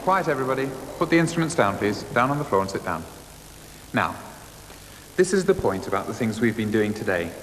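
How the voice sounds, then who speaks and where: A man presenting a classroom music lesson to primary school children, asking brisk, encouraging questions. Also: medium pitch, sing-song. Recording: 1980s schools TV, reverberant school hall, faint hiss.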